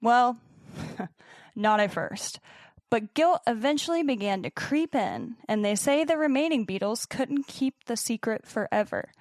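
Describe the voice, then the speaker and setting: A young woman with a fairly high voice narrates a podcast story in a partly scripted way, building drama with pauses and the odd casual swear. The sound is close and dry, with no room around it. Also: expressive, no room sound. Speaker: podcast co-host.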